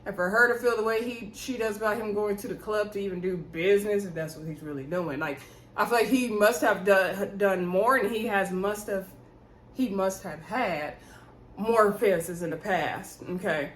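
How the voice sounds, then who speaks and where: A woman recapping a reality show in a sassy, animated way, acting out the quoted lines. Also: medium pitch, moderate pace, echoey room, slight background noise. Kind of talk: casual recap chat.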